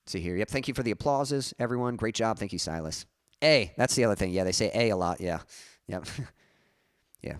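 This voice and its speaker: Low-voiced young man chatting on stream. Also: expressive, brisk, dry recording, clean studio sound. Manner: rambling, self-correcting, chuckling. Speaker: musician streamer. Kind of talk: casual live-stream chat.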